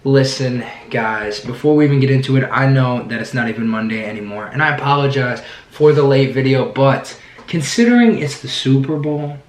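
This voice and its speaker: A man with a hoarse voice, hosting his own channel and rambling excitedly about his team. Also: medium pitch, normal speed, hardly any pauses, echoey room. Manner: rambling, excited, restarts sentences often. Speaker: sports fan channel host. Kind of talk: casual sports vlog commentary. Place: indoor room, sitting down.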